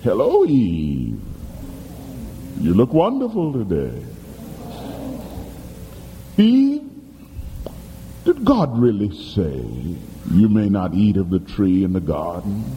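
A man voicing the devil as a smooth, sly serpent, speaking slowly and coaxingly in a low voice. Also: huge pitch swings, muffled recording, a little hiss or hum, exaggerated voice. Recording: echoey hall.

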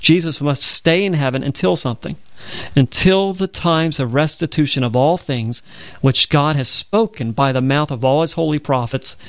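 Speaking at a moderate pace in a slightly high voice, this Southern-accented Alabama man leads a conversational Bible discussion on the radio. He's earnest and quotes scripture at length, captured in a dry recording.

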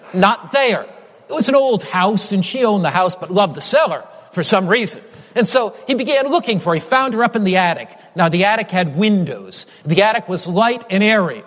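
High-voiced preacher man in a reverberant hall. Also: expressive, normal speed, a bit bright. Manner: earnest preaching, emphatic repetitions. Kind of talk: sermon.

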